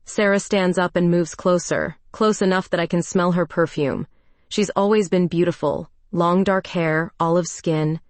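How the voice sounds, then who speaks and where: A woman narrates a first-person story in a reflective, even tone. Her voice sits low. The recording is dry, with no room sound. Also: dry recording.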